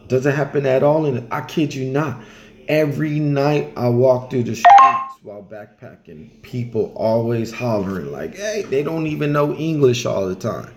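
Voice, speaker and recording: A man casually telling travel stories in a loose, colloquial way, now and then acting out other people in high voices. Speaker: travel storyteller. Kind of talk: casual storytelling.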